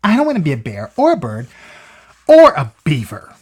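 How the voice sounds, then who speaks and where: A storyteller voicing a restless young male bunny who keeps wanting to be a different animal, stretching out and shouting the name of each new animal. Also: mid-range voice, wildly swooping pitch, husky. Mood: whiny, wishful. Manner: drawn-out, rising shouts on the final animal name.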